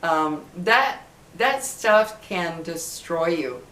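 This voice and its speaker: A woman's voice: on the low side, expressive, drawn-out words, a bit bright. A middle-aged woman vlogging casually to her viewers, talking in an impassioned, emphatic way and repeating herself for emphasis. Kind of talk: casual direct-to-camera talk. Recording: echoey room.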